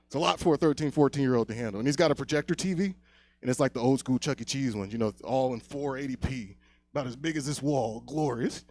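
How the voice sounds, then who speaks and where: A young man doing a stand-up set on a comedy club stage, telling a long story, often dropping to a hush, then getting loud again. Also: mid-range voice, fast talker, no room sound. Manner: loose storytelling, swings loud and quiet.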